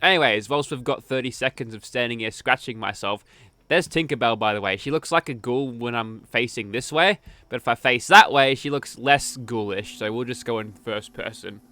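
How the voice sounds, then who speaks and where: Bright-voiced man joking over gameplay. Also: medium pitch, moderate pace. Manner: crude, joking banter. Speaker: streamer. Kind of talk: casual gaming commentary.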